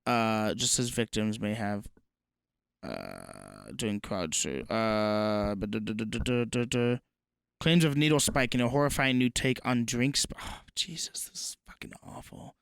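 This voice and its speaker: Young man, comedy podcast co-host, profane and animated, smooth resonant voice, dry close sound. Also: on the low side, unhurried, dry recording. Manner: profane, animated, reads headlines aloud. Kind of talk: casual comedy podcast chat.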